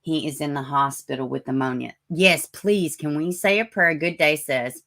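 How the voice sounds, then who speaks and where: Woman, deep raspy voice, casual live-stream host who greets her chat. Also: moderate pace, a bit bright. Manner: chatty, greets viewers by name, asks for prayers. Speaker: livestream host.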